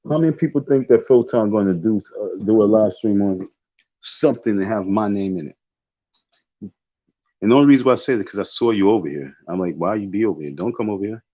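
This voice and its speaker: On a muffled recording, a male streamer with a fairly low, slightly mellow voice rants briskly and expressively. His casual livestream tirade is emphatic and repetitive, and he dismissively draws out his insistence.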